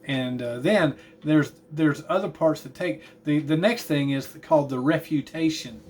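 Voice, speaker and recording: A man's voice: fairly high pitch, unhurried. A man teaching a class, talking in a tired, chatty way with asides about yawning. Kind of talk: classroom lecture.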